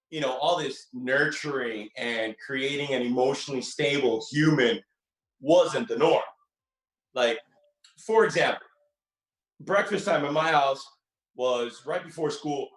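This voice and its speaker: A man's voice: mid-range voice, animated, unhurried, long pauses, a bit bright. A man in his forties from a Cuban-American family doing a stand-up set with dry, wry storytelling. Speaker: stand-up comedian. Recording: echoey room.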